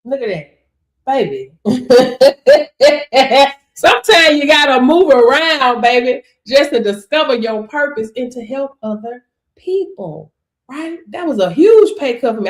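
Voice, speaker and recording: A lively middle-aged woman hosts a motivational live stream, preaching with lots of laughs and repeated callouts to her viewers. Her voice sits a little high for a woman. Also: moderate pace. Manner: animated, preachy, laughs often, calls out "hello?" and "right?". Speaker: online business coach.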